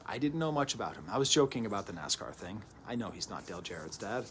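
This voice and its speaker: A man in his thirties hosts a music review show, casually reviewing a record at home early in the morning. He talks fast in a fairly low, sing-song voice, chatty and digressive with many asides, over a slight hiss or hum.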